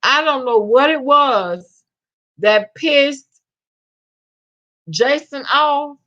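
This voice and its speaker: Woman vlogger, slow drawl, dull lo-fi stream audio, gossipy chat. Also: high-pitched, expressive, sharp tone. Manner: chatty, Southern slang, greets viewers as babe. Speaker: vlogger reading live chat. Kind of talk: casual live-stream chat.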